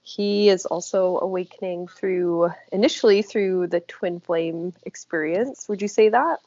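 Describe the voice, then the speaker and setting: A woman's voice: on the low side, measured pace, dark tone, no room sound. Chatty woman hosting a spiritual chat. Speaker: channel host. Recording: dry, dull lo-fi audio.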